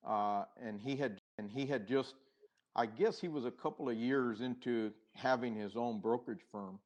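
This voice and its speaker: A middle-aged man, a podcast guest, telling his own story in an unhurried, reflective way, with pauses and restarts, and acting out the past conversations. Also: medium pitch, darkish tone, dull audio. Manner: acts out past dialogue.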